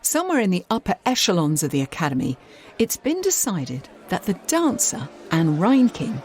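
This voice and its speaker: An English woman presenting and narrating a documentary in a lively storytelling style. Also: lowish voice, normal speed. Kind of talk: scripted narration. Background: faint music.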